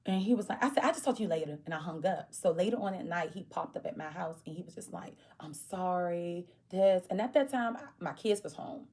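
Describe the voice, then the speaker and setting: A woman's voice: a little fast, few pauses. A woman vlogger tells a personal story in a casual way, acting out the people she quotes. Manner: animated, acts out quoted voices with big pitch jumps.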